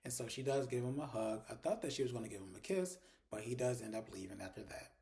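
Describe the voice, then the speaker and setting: A man in a casual review, talking quickly in a warm, mellow voice. He retells each scene in a chatty way, slips in the characters' lines and swears freely. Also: medium pitch, expressive. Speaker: TV episode reviewer. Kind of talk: casual recap commentary.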